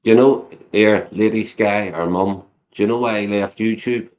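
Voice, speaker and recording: Cheeky low-voiced man. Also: fairly even intonation, moderate pace, darkish tone, dull audio. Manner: cheeky, crude joking. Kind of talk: casual chat.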